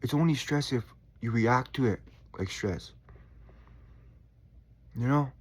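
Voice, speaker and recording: Soft-spoken husky man, reflective. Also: medium pitch, slow. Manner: calm, soft-spoken, with sighs and quiet asides. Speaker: spiritual vlogger. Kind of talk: casual reflective monologue.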